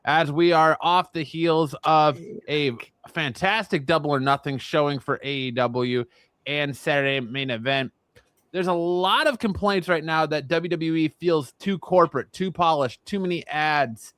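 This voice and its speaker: A man's voice: a little high, unhurried, fairly bright tone, clear, resonant tone, no room sound. A man hosting a casual wrestling talk panel, playful and running the segments. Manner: playful, reads segment intros. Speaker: podcast host.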